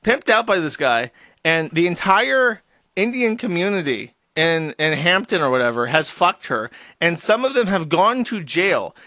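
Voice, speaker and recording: A man's voice: sits high, sing-song, measured pace, sharp tone, no echo. A man hosting a live stream, ranting with sarcastic, profane commentary. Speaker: streamer host.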